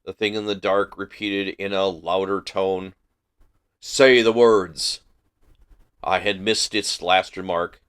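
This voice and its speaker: A man reads a classic novel aloud for a book club livestream. His voice sits low and he takes his time, with a careful, measured delivery. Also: flat delivery, a bit bright, clear, resonant tone.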